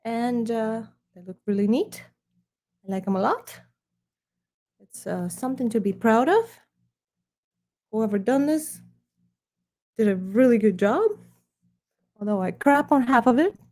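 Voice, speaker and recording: Woman, put-on British accent, slow, mellow tone, sarcastic, dry mock-posh delivery. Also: on the high side, lively intonation. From Ukraine. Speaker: host reviewing her art books. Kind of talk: mock-snobbish book preview.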